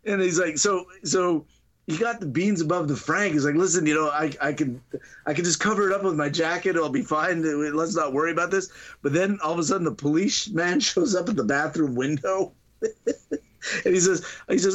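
A man's voice: fairly high pitch, brisk, a bit bright. A man on a podcast retelling a funny movie scene in a casual chat, laughing often and acting out the lines in voices. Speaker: podcast co-host.

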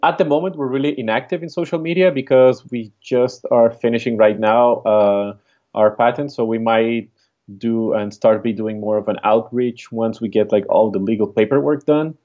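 A man's voice: mid-range voice, moderate pace, highs cut off. A man with a Spanish accent, a startup co-founder, chatting easily as a guest in a casual podcast interview.

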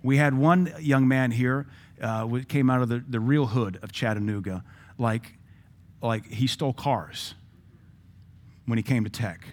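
A man's voice: medium pitch, a little slow. A middle-aged man, preaching a sermon as pastor, telling stories with acted-out quotes and blunt asides.

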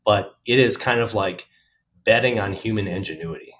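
Low-voiced man, dull recording. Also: moderate pace, a bit bright. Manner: thoughtful, restarts phrases, upbeat about the future. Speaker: podcast guest. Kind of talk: casual interview talk.

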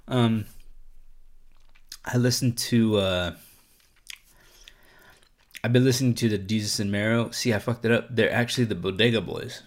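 A man's voice: lowish voice, moderate pace, pauses often. A man hosting a casual solo podcast, rambling and swearing a lot, with plenty of "like" and "um". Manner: profane, rambling, lots of "like" and "um". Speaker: podcast host.

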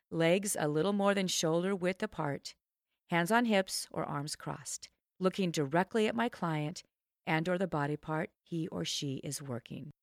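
A woman's voice: no room sound, studio quality. Emphatic woman host, punchy coaching tone. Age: middle-aged. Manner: emphatic, animated coaching tone with sudden high swoops. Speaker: podcast host and trainer. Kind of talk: self-help podcast monologue.

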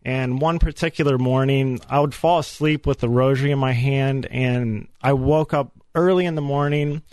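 A man giving an earnest, animated personal faith testimony as a guest on a radio show. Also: medium pitch, moderate pace, no echo. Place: radio studio.

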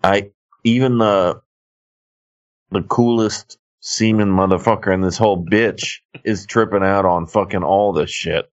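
A man's voice: sits low, steady tone, unhurried, no echo, dull audio. A man co-hosting a podcast, rambling in crude, profane casual chat. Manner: profane, rambling, laid-back. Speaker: podcast co-host.

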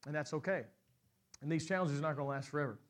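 A middle-aged man preaching a sermon as pastor, rising to loud, high peaks and often repeating words as he restarts a phrase. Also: fairly even intonation. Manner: repeats and restarts words when speaking fast.

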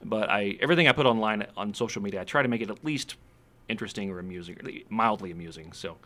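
A man's voice: on the low side, fast talker, fairly bright tone. A man with a mild Southern accent, a comedian guest chatting on a podcast in a rambling, self-deprecating way. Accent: Southern US, kept in check. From American South. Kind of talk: casual podcast chat.

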